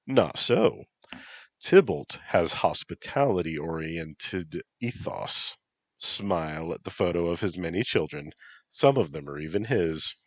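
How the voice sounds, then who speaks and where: A man's voice: low voice, lively intonation, slow, fairly bright tone, no echo, full character voice. A man voicing a blunt, dry-witted female yokai aide in a storybook reading. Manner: dry, blunt advice-giving.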